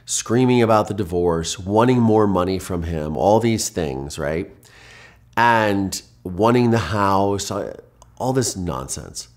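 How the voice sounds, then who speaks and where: A man from Ohio recounts a personal story in earnest, vivid detail. His voice sits deep and low. He often restarts phrases as he talks. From Ohio, USA. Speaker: guest.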